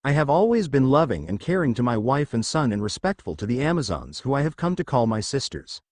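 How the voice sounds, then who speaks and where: A man's voice: medium pitch, sing-song, brisk, a little mellow, no room sound, close to an everyday voice. A man reading as a proud demigod pleading innocence. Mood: earnest. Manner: pleading earnestly.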